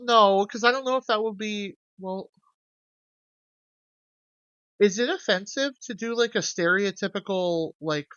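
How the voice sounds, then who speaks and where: A young adult streamer in casual let's-play commentary, reading game lines aloud and chatting to viewers with animated, swearing asides. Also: mid-range voice, no echo, muffled recording. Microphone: desk mic with gain adjusted.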